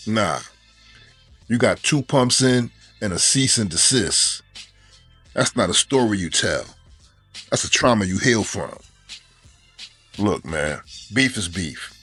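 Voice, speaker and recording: Man, low voice, mocking commentary, soft music bed. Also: breathy edge. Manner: mocking, punchline-heavy roast delivery. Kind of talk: sarcastic commentary.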